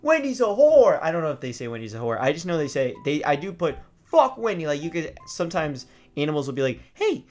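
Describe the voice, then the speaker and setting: A young man hosting a gaming vlog, telling a story in a loose, swearing way and acting out his old reactions with sudden loud, high bursts. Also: fast talker, hardly any pauses, soft background music. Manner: animated, swears freely, acts out his past reactions in loud high outbursts. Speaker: gaming video host.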